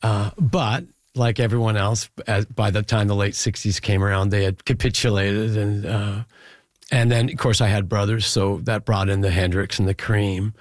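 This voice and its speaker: A man's voice: on the low side, steady tone, normal speed, no room sound. A middle-aged man and musician guest chatting casually in a studio interview, rambling with fillers and restarts. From Canada (Saskatchewan). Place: radio studio.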